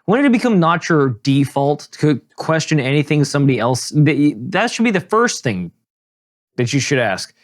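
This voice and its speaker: A man's voice: a little high, moderate pace. A man co-hosting a podcast, rambling and joking in casual chat. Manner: rambling, jokey, animated. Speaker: podcast co-host.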